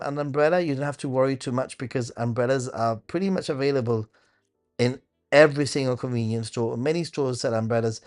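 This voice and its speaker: Man musing through live viewer questions. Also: mid-range voice. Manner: relaxed, thinking aloud, with many hesitant fillers and restarts. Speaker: host of a travel channel.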